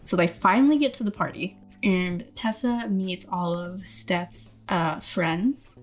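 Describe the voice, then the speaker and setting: A woman's voice: lowish voice, unhurried. A woman co-hosting a podcast, casually recapping a movie with frequent giggles and quoted lines. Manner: giggly, quotes characters in put-on voices. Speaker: podcast co-host.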